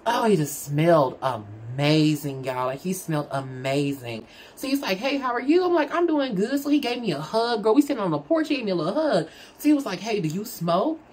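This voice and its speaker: A woman with a low-pitched voice tells a personal story in relaxed storytime fashion. She is chatty and candid, talking to the viewer like a close friend. There is a faint noise floor behind her. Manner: chatty, candid, addresses the audience as "girl" and "y'all"; animated, with big swings in pitch. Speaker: storyteller vlogger. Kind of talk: casual storytime chat.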